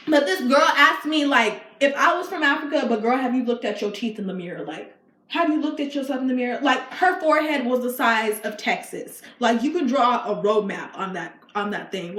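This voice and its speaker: A woman vlogger telling a story in a chatty, slangy way, talking straight to her viewers with emphatic repeats. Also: mid-range voice. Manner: animated, emphatic repetition. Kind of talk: casual storytime. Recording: echoey room with faint hiss.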